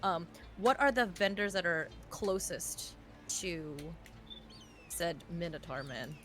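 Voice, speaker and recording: A woman chatting as a player in a tabletop game, proposing plans in an animated way. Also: on the low side, soft background music. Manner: suggesting plans, rapid and animated. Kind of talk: casual tabletop play.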